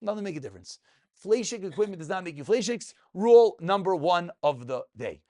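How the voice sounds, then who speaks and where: A man teaching a lively class, his voice pitched high and lively. He fires questions at his students, answers them himself and keeps things light with jokes. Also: brisk. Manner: animated, joking, asks and answers his own questions. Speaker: rabbi teaching a Talmud class. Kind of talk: lively spoken Torah class. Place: class room with live students.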